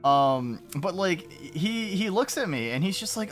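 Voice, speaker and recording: A man's voice: high voice, sing-song, unhurried, faint music behind. A man streaming from his room on a desk mic, chatting in a rambling, self-interrupting way and swearing often. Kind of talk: casual live-stream chat. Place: home room. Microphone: desk mic with noise gate.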